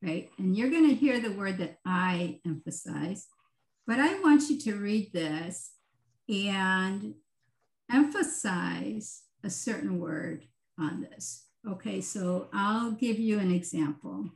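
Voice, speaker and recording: A woman facilitating a virtual group session, giving gentle, unhurried instructions over a video call and often checking in with "right?". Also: medium pitch, lively intonation, vocal fry, reverberant, rough recording. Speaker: retreat facilitator.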